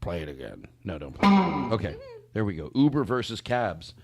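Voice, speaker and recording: A middle-aged man hosting a casual comedy podcast, telling stories in an animated way. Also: on the low side, moderate pace. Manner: animated storyteller, bossy about bits. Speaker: podcast host.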